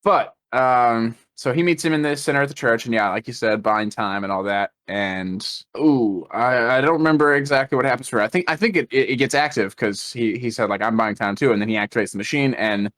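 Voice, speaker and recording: A man's voice: mid-range voice, fairly quick, hardly any pauses, fairly bright tone. A man co-hosting a podcast, chatting casually and often questioning plot details with a laugh. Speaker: podcast co-host. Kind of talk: casual movie discussion.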